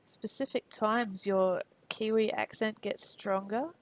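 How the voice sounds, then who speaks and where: A woman's voice: medium pitch, normal speed. An Australian woman streamer from Perth, chatting casually with her viewers while she works on a 3D model and laughing easily. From Perth, Western Australia.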